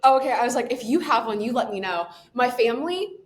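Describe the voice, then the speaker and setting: A young woman guesting on a podcast, chatting in a bubbly, quick way, laughing often and saying "like" a lot. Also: lively intonation. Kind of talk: casual chat. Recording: echoey room with faint rumble.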